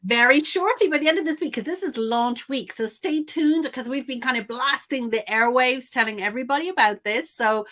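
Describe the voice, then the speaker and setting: A woman guest in a live interview, talking briskly and enthusiastically to listeners about an online course. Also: high voice, fairly bright tone. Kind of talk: upbeat promotional chat in a live interview.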